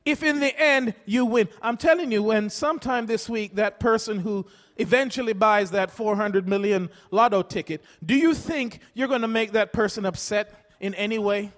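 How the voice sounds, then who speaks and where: Man, preacher, very high voice, rousing repetitive delivery, long hall reverb. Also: moderate pace, few pauses, fairly bright tone. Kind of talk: sermon.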